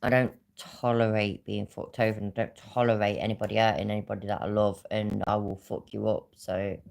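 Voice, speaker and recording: Blunt, deep-voiced woman streamer. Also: little pitch movement, a little fast, vocal fry, darkish tone. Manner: swearing, blunt, laughs often. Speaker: commentary streamer. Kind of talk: reaction commentary on a played stream.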